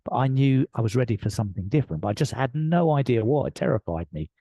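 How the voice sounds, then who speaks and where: A man with an English accent, a guest on a podcast, telling his story in an earnest, reflective way with soft laughs. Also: medium pitch, lively intonation, quick pace, no room sound. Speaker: podcast guest, leadership coach. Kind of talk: conversational storytelling.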